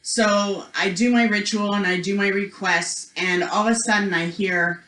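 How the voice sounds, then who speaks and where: A woman's voice: mid-range voice, fairly even intonation, normal speed, a bit bright. A woman presenting a spiritual workshop, telling a personal story in a chatty way, full of "like" and "you know", acting out the voices of the people in it. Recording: echoey room.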